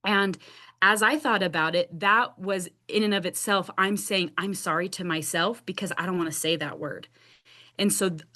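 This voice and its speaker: A woman's voice: fairly low pitch, fairly bright tone. A young woman who stutters, hosting a casual support group discussion on a video call, with repeated sounds and restarts. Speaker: support group host and speech-language pathologist.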